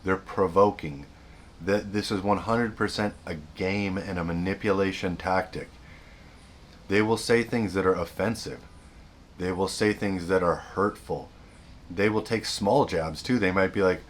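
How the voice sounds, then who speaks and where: A man's voice: low voice, fairly even intonation, normal speed, a little hiss or hum. A man hosting a self-help video, giving earnest unscripted advice, often repeating and restarting his sentences.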